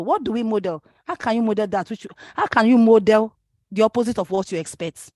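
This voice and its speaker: A woman's voice: a little high, expressive, fairly quick, darkish tone, dry recording, clean studio sound. A woman from Nigeria with a Nigerian accent, giving an impassioned religious talk to parents, exhorting the audience with rhetorical questions and slipping Arabic and Yoruba phrases into her speech.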